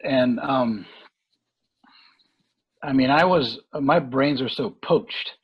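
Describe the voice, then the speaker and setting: A man talking boxing in a casual podcast chat, rambling and halting with lots of fillers and restarts. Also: medium pitch, lo-fi sound. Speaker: boxing analyst guest.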